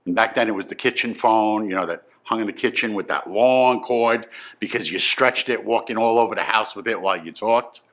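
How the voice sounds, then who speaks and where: A man in his fifties telling a personal story from his youth, emphatic and swinging from subdued to excited. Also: on the low side, fairly quick. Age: 50s.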